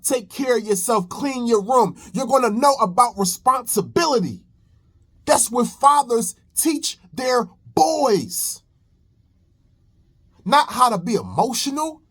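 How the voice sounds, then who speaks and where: A man's voice: very high voice, fairly bright tone, husky. A young man commenting on a reaction video in a preachy, emphatic way, repeating phrases. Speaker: commentary host.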